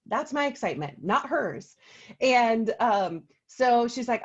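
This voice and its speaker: A woman's voice: fairly high pitch, lively intonation, measured pace, husky. Chatty woman on a lo-fi video call. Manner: chatty storyteller, many ums. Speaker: co-host of an oils business meeting. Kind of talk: casual video call talk.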